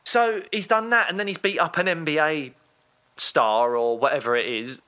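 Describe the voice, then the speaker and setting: A man's voice: a little high, normal speed, sharp tone. A man appearing as a podcast guest, talking in a dry, dismissive way and repeating words as he goes. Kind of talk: casual chat.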